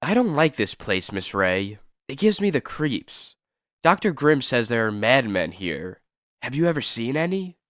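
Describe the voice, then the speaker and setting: Brief: spunky kid sidekick, read by a man, slow, dry close sound. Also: medium pitch, very animated, a bit bright, dry recording. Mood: uneasy. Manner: eager, jittery, slangy. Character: plucky teenage boy sidekick.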